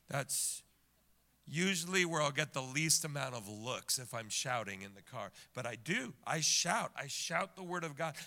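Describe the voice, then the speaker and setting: A male pastor preaching to his congregation in a high, very bright, ringing voice. He repeats a line again and again, going from a shout down to a hush. Now and then he turns to the room with a quick question. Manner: repeats lines over and over, swinging from loud shouts to hushed whispers; talks straight to the congregation with quick asides and questions. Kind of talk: sermon.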